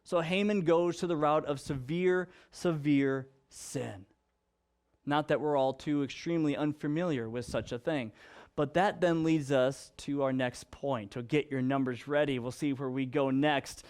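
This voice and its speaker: A man with a notably high voice preaches to his congregation. He fires off rhetorical questions and slips into acted-out quotes. Joking asides keep the sermon light. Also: unhurried, darkish tone, clear, resonant tone. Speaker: pastor.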